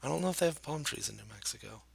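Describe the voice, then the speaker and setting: A man casually commenting while playing a geography guessing game, thinking out loud with many hesitations and self-deprecating remarks. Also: medium pitch, expressive, rapid-fire, gravelly. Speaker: gameplay commentator. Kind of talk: casual let's-play commentary.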